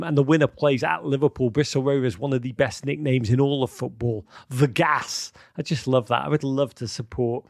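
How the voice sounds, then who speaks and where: Man, live stream host, excitable, theatrical, dry close sound. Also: medium pitch, vocal fry, dry recording. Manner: excitable, theatrical swings between outbursts and mock gloom; many filler ums. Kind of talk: live-streamed football commentary and chat.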